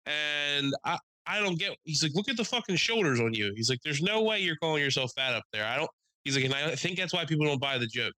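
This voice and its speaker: Young guy on a podcast, super bright voice, dry close sound, swears a ton and does all the voices when he tells a story. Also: a little high, fast talker, no room sound, poor audio. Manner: animated, swears a lot, acts out quotes in a raised voice. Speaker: podcast co-host. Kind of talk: casual storytelling chat.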